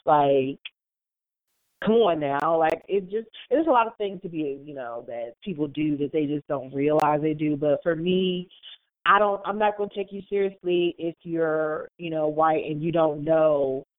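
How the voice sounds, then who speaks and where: A woman's voice: low-pitched, a little slow, dry recording. A woman chatting casually as a podcast co-host. She tells stories with energy and acts out other people's lines in changed voices. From Maryland, USA. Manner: animated storyteller who acts out quotes in other voices. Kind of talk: casual chat. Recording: dry, tinny phone-like sound.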